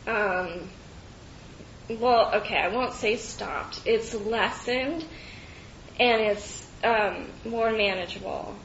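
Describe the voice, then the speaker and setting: A woman giving a personal share at a recovery meeting, halting with many fillers and restarts and laughing often between phrases. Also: fairly bright tone. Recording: echoey, dull meeting-room recording with faint rumble.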